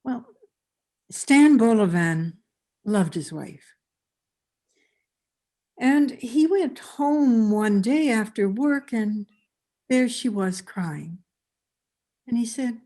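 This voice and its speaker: A woman telling a folk tale to an audience at a calm, unhurried pace. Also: a little high. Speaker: storyteller.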